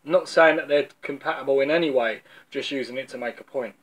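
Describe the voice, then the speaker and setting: A man's voice: mid-range voice, brisk. A man from London with a London accent, giving an informal video sermon as a preacher, telling stories in a loose, conversational way and often repeating words as he restarts.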